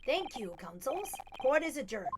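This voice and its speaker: A woman voicing a stern older male judge who speaks in a formal, measured way. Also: high voice, very animated, noisy background. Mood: solemn. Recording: loud music underneath.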